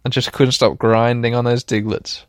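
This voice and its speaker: A man's voice: mid-range voice, little pitch movement, normal speed, smooth, dry recording. A man hosting a podcast while playing a video game, chatty and self-mocking, talking straight to his listeners and laughing often. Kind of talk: casual let's-play commentary.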